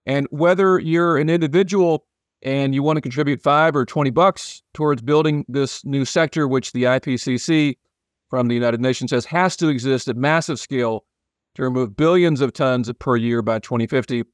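A man's voice: medium pitch, moderate pace, dry recording, studio quality. A man hosting a podcast, joking and rambling with frequent restarts in casual chat. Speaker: podcast host.

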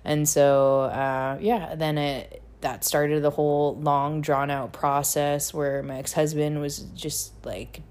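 Low-voiced blunt woman, swearing freely. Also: flat delivery, takes it slowly, few pauses, a little mellow, clear, resonant tone. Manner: blunt and profane, heavy use of "like". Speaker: podcast host telling her life story. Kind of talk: casual personal storytelling.

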